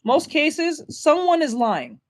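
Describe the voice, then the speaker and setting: A man's voice: very high voice, wildly swooping pitch, slow. A man giving blunt, crude reaction commentary on a clip, often laughing at his own jokes.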